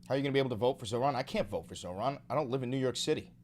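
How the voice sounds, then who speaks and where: A man's voice: medium pitch, rapid-fire, a little mellow. Profane, ranting male livestreamer. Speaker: livestream host. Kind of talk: casual livestream commentary.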